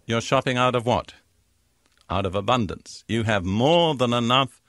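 An older man teaching the Bible in a sermon, slowing down to read scripture verses with measured emphasis. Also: mid-range voice, a bit bright, no echo.

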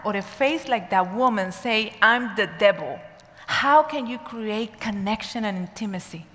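A woman preaches from the front of a church, telling a story with earnest emphasis. Her voice sits at an ordinary middle pitch, and her pace speeds up and slows down as she stresses key moments. Each word trails off into the long, ringing reverb of a large church hall. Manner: earnest, emphatic storyteller, pace shifting between rushed and slow. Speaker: church speaker. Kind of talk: sermon with personal storytelling. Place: church sanctuary.

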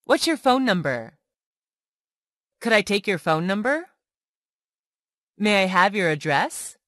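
A woman reading example phrases one by one for English learners, slowly and with clear enunciation. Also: medium pitch, very animated, a bit bright, no room sound, clean studio sound. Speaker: English tutor.

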